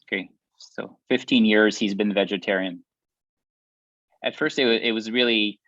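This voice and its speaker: Interpreter, man, lowish voice, restarts and small laughs, muffled lo-fi dry audio. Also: steady tone, normal speed, pauses often, fairly bright tone, no room sound. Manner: restarts and chuckles while translating. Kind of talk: translating for a guest. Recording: dull lo-fi dry sound.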